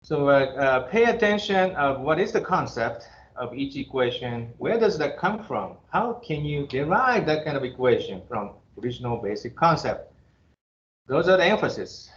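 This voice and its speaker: A man's voice: a little high, expressive, normal speed, a bit bright. A man in his fifties from Japan, with a Japanese accent, giving a classroom lecture as an engineering professor in a blunt, joking way and chuckling between remarks. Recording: roomy, dull classroom recording.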